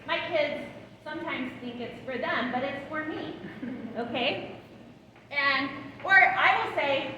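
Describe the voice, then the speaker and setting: A woman in her thirties giving a lively parenting training talk to caregivers, often checking in with the room. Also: sits high, slow, dull audio. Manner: animated, checks in with the audience often. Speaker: parenting educator. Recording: echoey hall, voice from far off, background noise.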